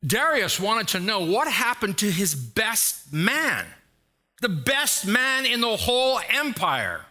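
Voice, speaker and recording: A male pastor preaching a sermon, retelling a scripture story with dramatic emphasis and sudden loud exhortations. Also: sits high, wildly swooping pitch, slow.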